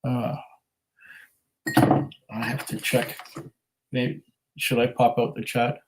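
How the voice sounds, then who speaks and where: A man's voice: mid-range voice, little pitch movement, slow pace, very noisy. A man hosting a casual whisky livestream at home, reading viewer comments aloud in an easygoing, chatty way with frequent ums and restarts.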